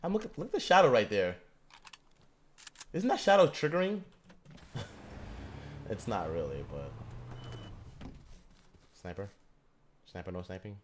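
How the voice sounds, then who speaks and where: A young man streaming a shooter game, swearing a lot and jumping from low mutters to loud shouts. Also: measured pace, pauses often, slight background noise. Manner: profane, excitable, swings from mutters to shouts. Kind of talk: gaming livestream commentary.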